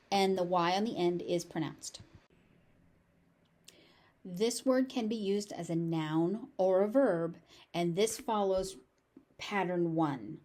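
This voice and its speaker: An American woman teaching pronunciation, repeating each word slowly and carefully. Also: mid-range voice, darkish tone. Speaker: pronunciation tutor. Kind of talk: slow pronunciation lesson.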